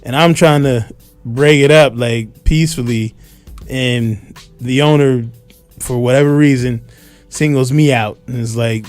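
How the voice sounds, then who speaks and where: Animated man telling a story on radio. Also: mid-range voice, a little slow, no room sound, faint music behind. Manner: animated storyteller, acts out shouted quotes. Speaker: radio show host. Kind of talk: casual storytelling on a radio talk show. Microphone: studio microphone.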